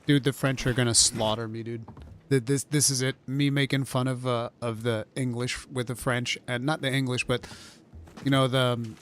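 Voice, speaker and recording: A man's voice: mid-range voice, little pitch movement, normal speed, a bit bright. A man giving casual, joking commentary while playing a game on stream. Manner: joking, chatty, playful asides.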